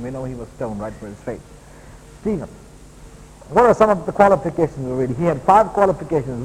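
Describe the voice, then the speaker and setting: A man preaching a sermon as a pastor, building to loud emphatic peaks and then dropping to quieter, lower asides. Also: lively intonation, a little fast, a little hiss or hum. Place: church hall. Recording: long hall reverb, faint ambience.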